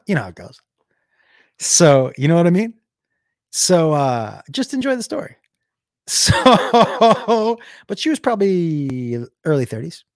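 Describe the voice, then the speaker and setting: A young man tells a comic story, his voice swinging up and down and leaping into loud bursts. The sound is dry and close, with no room around it. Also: a little high, no echo. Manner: animated, jumps into shouted impressions. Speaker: comedian. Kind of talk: comedic storytelling.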